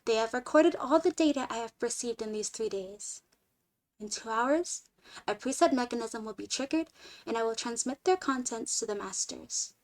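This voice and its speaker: A woman voicing a weary male alien scout from a storybook, speaking slowly in a flat, formal way, lower and quieter than her reading voice. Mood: grave.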